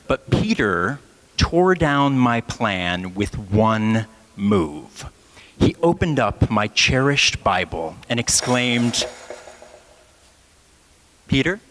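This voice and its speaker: Slow wry guy preaching, pastor from ohio, long echo of a big church. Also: mid-range voice, sing-song, a bit bright. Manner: wry, self-mocking storyteller. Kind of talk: sermon with personal storytelling. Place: large church sanctuary. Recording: long hall reverb in a church.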